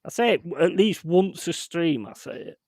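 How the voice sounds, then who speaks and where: A man's voice: on the high side, animated, normal speed, darkish tone, no room sound, clean studio sound. A young man hosting a stream, swearing freely and laughing as he tells rambling stories. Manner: swears heavily, laughs through rambling anecdotes. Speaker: streamer hosting a football watchalong. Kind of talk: casual chat.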